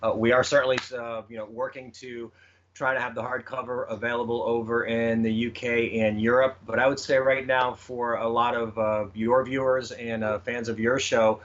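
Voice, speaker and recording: A man's voice: mid-range voice, fairly bright tone. A man answering interview questions about his children's book, hesitant, with many fillers and restarts. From United States. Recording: slightly muffled with faint noise.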